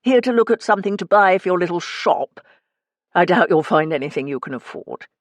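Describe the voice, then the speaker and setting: A man's voice: high-pitched, lively intonation, brisk, dry recording. A woman voicing a cold, hostile middle-aged male antiques dealer who talks down with a sneering, condescending manner, in an audiobook. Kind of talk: audiobook character reading.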